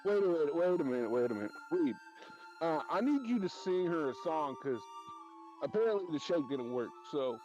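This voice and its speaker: A man's voice: fairly high pitch, very animated, brisk, highs cut off, over music. A man playing a tabletop game, casual and blunt with jokes. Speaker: player.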